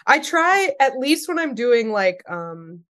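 A woman's voice: on the high side, very animated, takes it slowly, fairly bright tone, smooth. Chatty woman podcast host. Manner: chatty, swearing, lots of fillers. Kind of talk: casual chat.

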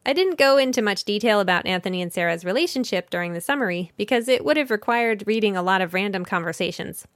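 A woman's voice: medium pitch, expressive, fast talker, few pauses, no echo. Woman chatting about a kids book, mid voice, dry close sound, fixes her words as she goes. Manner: conversational, thinks aloud with small self-corrections. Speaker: children's book podcast host. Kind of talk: book summary and casual discussion.

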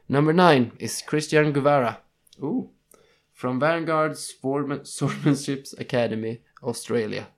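A man's voice: medium pitch, creaky. A young man co-hosting a casual podcast, reading ranking lists and tripping over foreign names. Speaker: podcast co-host.

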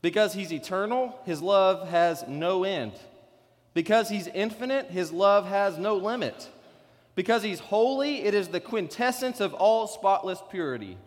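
High-voiced pastor guy preaching earnest and chatty, long hall echo. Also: expressive, measured pace. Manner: earnest, conversational preaching with storytelling. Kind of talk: sermon.

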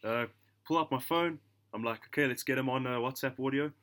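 A young man from South Africa, co-hosting a podcast and telling a story in a relaxed, slangy way, laughing between lines. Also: medium pitch, brisk. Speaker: podcast co-host. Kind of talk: casual storytelling chat.

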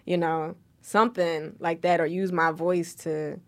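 A woman's voice: lowish voice, unhurried. A woman, a singer and guest in a casual interview, speaking emphatically and animatedly. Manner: animated, emphatic, laughs often.

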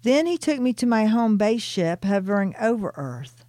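Soft-spoken woman reading her own book. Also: medium pitch, very animated, normal speed, no echo, studio quality.

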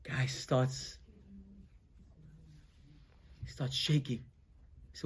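A man teaching a weekly Torah class as a rabbi. He tells the story in an animated way, swinging between loud emphasis and quiet asides, and he sprinkles Hebrew terms into his English. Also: mid-range voice, slow, pauses often, husky.

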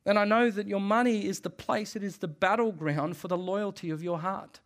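A man's voice: sits high, fairly even intonation. Emphatic man preaching a sermon. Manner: emphatic, repeats phrases, quick laughs. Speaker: pastor.

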